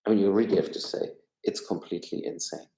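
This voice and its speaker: A man's voice: low-pitched, steady tone, fast talker, vocal fry, mellow, echoey room, poor audio. A man from Germany with a German accent, giving blunt, rambling, opinionated film and politics commentary on a casual live stream from home. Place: room at home.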